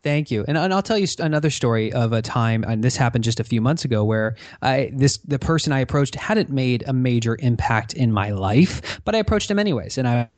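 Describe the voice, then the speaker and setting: A man tells a story with energy, acting out each quoted line as he goes. He has a mid-pitched voice. The recording is dry and close to the mic. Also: expressive, brisk, few pauses, darkish tone, no room sound. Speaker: podcast guest. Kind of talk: conversational storytelling.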